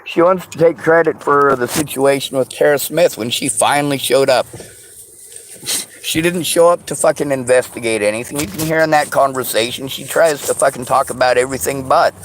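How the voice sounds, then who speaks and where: A man in an angry personal vlog rant. He talks in a bitter, accusing way, swears constantly and often shouts. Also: medium pitch, brisk, slight background noise. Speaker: vlogger.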